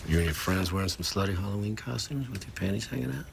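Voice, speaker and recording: A man's voice: on the low side, fast talker, creaky, noisy background. A man playing a creepy middle-aged stepfather who mutters in a leering way.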